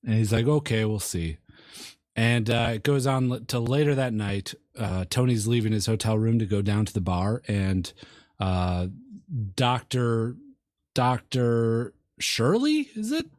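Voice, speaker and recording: A man co-hosting a movie review podcast, retelling film scenes in a halting way with lots of ums and uhs. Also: medium pitch, animated, a little mellow, dry recording, clean studio sound. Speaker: podcast co-host. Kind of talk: casual movie review chat.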